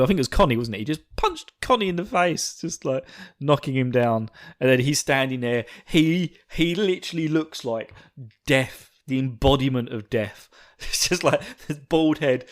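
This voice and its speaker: A man hosting a podcast, recapping an episode in a gushing, excitable, swearing way. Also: mid-range voice. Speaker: podcast host.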